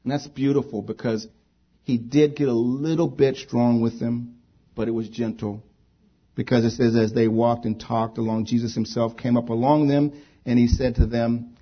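A man's voice: medium pitch, breathy edge, dull audio. A man preaching a sermon, building into impassioned rhetorical questions. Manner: impassioned, rising to near-shouting in rhetorical questions. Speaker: pastor.

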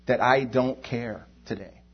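A man preaching a sermon with emphatic, repetitive phrasing, swinging between loud and quiet. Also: medium pitch, fairly even intonation, unhurried, breathy edge, dull audio. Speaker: lay preacher.

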